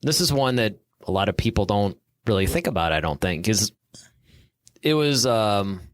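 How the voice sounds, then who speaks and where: A man's voice: fairly low pitch, expressive, normal speed, no echo, clean studio sound. A man co-hosting a podcast, chatting casually about movies and acting out lines he quotes. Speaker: podcast co-host. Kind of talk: casual chat.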